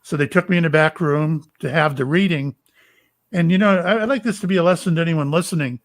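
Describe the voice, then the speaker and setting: An older man from Florida, a psychic medium and retired police officer, telling stories in a halting, rambling way with many fillers. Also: fairly high pitch. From Florida, USA. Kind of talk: casual storytelling interview.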